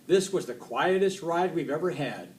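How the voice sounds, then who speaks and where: Guy doing a bossy lady bus driver, higher voice, barking orders, mic a bit far. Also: animated, natural voice. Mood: stern. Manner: brisk, commanding. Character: stern woman school bus driver. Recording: distant mic, faint noise.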